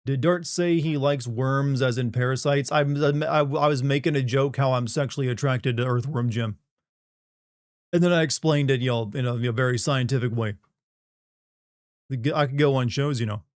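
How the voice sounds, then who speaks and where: A man's voice: medium pitch, moderate pace, no echo, studio quality. A middle-aged man from the Southern United States chatting casually on a live stream, rambling, joking and reading chat aloud.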